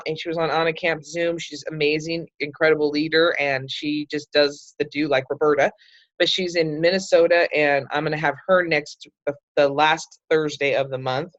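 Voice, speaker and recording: A woman's voice: low-pitched, no room sound. Chatty woman on a dull call line. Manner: chatty and enthusiastic, with many fillers. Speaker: group leader hosting a book club call. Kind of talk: casual group talk.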